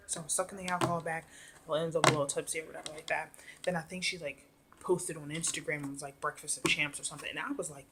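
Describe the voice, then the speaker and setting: A woman's voice: low-pitched, background noise. A woman vlogger telling a story to her camera in a chatty, rambling way, full of fillers. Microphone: device camera.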